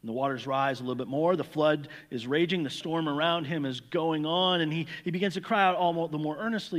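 Speaking a little fast in a slightly high, fairly bright voice, a preacher gives an earnest sermon built around an illustrative story. He's emphatic and repeats words, and a long hall reverb surrounds him.

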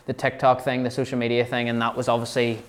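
A man's voice: mid-range voice, monotone, fast. A man hosting a podcast, upbeat and chatty, often saying "yeah" and "obviously.". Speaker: podcast host. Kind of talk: casual interview chat.

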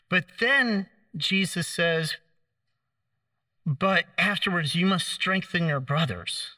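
A man preaching a sermon, telling the story in a conversational way, acting out the quoted lines with gentle humor. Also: high voice, lively intonation, slow pace, no room sound, far from the mic.

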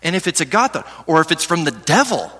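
A man preaching a sermon as pastor, reading scripture slowly and asking his listeners questions. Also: fairly high pitch. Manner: animated preaching, reads scripture slowly, asks the audience questions.

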